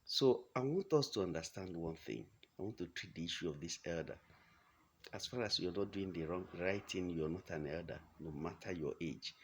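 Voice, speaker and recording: A man's voice: low-pitched, animated, moderate pace, slight background noise. A man from Nigeria with a Nigerian accent, giving a heated, blunt monologue full of rhetorical questions. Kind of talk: impassioned monologue. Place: home in the United States.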